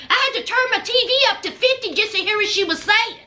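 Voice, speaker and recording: A woman's voice: very high voice, expressive, fast, sharp tone. A woman giving a blunt, sassy reaction recap of a reality show, scolding the people on it. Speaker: reality TV commentator.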